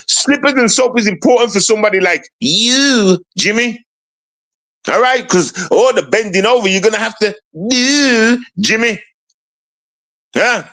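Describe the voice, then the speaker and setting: Mocking streamer man, lively swooping voice. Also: high-pitched, rough recording. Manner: taunting, rapid rhetorical questions, repeats "everybody". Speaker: show host. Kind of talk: mocking live-stream rant.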